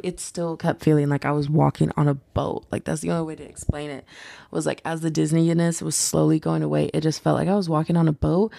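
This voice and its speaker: Chatty young woman with a gravelly voice. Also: deep voice, no echo, studio quality. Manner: chatty, animated retelling with many "like"s. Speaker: vlogger. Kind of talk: casual storytime.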